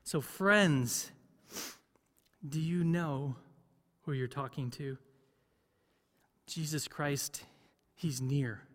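A man's voice: fairly high pitch, extremely slow, long pauses, long reverb tail. A man preaching a sermon as pastor, conversational, often asking the congregation questions. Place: church.

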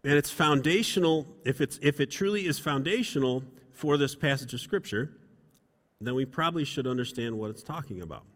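A man's voice: mid-range voice, animated, fairly quick, a bit bright. A middle-aged male pastor preaching a sermon, chatty and self-deprecating as he tells stories from the pulpit. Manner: conversational, self-deprecating storytelling. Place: church sanctuary. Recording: long reverb in a hall.

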